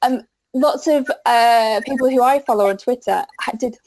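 A woman's voice: fairly high pitch, moderate pace, a little mellow, low-quality recording. A woman hosting an interview, thoughtful and conversational, using tag questions. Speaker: interviewer host.

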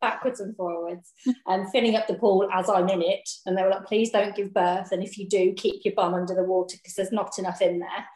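A woman's voice: medium pitch, brisk. Chatty woman, roomy echo. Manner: lively, laughs often, acts out dialogue. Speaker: guest telling her birth story. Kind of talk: casual storytelling chat.

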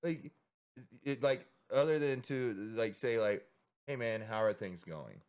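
Co-hosting a podcast, a man with a mid-range, clean, darkish voice and lively intonation talks at a measured pace. His casual chat wanders freely, heavy on swearing and acted-out quotes.

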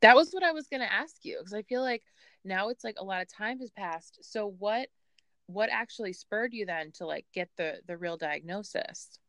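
A woman hosts a relaxed conversation, agreeing readily and speaking in a warm way. Her voice sits in an ordinary middle pitch. It is recorded close and dry. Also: moderate pace, dry recording. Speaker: host. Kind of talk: casual conversation.

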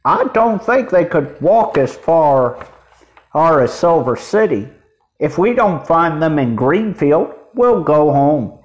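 A man's voice: a little high, very animated, takes it slowly, muffled recording. A man voicing a middle-aged baker who wonders aloud where some children went. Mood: musing.

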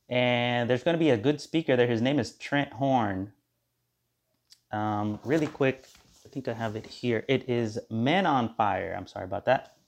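A man hosting his own podcast, talking in a rambling, sarcastic monologue and slipping into mock-cheerful voices of others. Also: medium pitch. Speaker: podcast host. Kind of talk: casual monologue.

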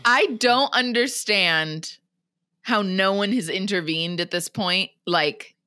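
A woman's voice: medium pitch, takes it slowly, bright, forceful tone, dry recording, studio quality. A woman co-hosting a podcast, chatting casually with exclamatory, incredulous outbursts and frequent laughter. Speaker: podcast co-host. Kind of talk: casual chat.

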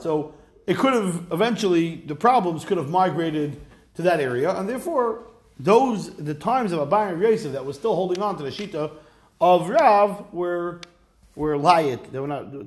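A man with a fairly high voice teaching a Talmud class in a relaxed way. He reads the Aramaic text, then explains it in plain talk with dry, joking asides.

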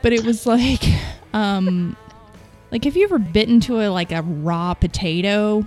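A woman's voice: mid-range voice, expressive, normal speed, a little mellow, soft background music. A woman in casual chat, joking and candid and laughing often.

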